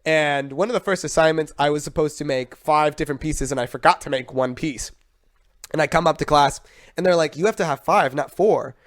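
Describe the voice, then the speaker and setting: A man's voice: on the high side, fairly even intonation, fairly quick, fairly bright tone. A man with a slightly raised voice talks loosely on a podcast, playful and teasing. He spins long anecdotes in an easy, conversational way. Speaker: podcast co-host. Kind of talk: casual chat.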